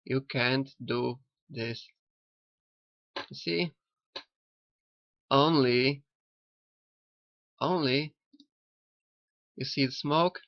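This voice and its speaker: A man who learned later in life talks slowly, halting and repeating himself. His voice is gravelly and the recording is dry and dull, as if taken close up with a cheap mic. He muses on a cartoon in a loose, spiritual way. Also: mid-range voice, no echo. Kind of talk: rambling spiritual commentary on a cartoon. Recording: dull lo-fi sound.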